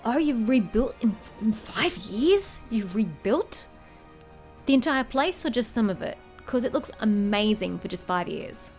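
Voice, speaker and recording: A woman's voice: on the high side, very animated, unhurried, darkish tone, soft background music. Chatty woman swearing over gameplay. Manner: chatty, swears freely, reads game text aloud. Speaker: gamer. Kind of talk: casual gaming commentary.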